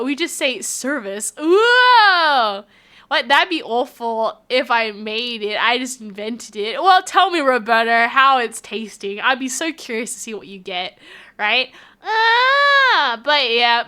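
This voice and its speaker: A woman with an Australian accent, chatting casually on a live stream, reading out chat messages with a giggly, animated manner. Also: sits high.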